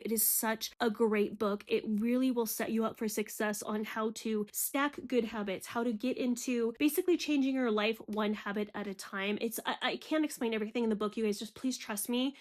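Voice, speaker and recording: A woman in her forties talking frankly and chattily straight to her viewers in a personal vlog. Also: fairly high pitch. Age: 40s. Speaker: vlogger. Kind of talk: candid personal vlog talk.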